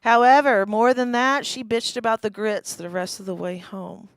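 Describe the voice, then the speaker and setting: A woman in her forties works through a stand-up set with a wry, self-deprecating delivery, chuckling at her own lines. Her voice sits fairly high and sounds smooth and clear. The sound is close and dry, with almost no room around it. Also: steady tone, moderate pace, no room sound. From East Tennessee. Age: 40s. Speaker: stand-up comedian. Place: small live comedy venue.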